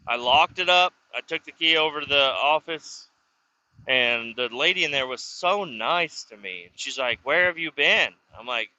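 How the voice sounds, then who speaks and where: Sharp-voiced man swearing through a story. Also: medium pitch, expressive, normal speed, dull audio. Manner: profane, rambling, full of restarts and acted dialogue. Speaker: vlogger telling stories. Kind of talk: casual rambling storytelling. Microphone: self-recorded camera or phone mic.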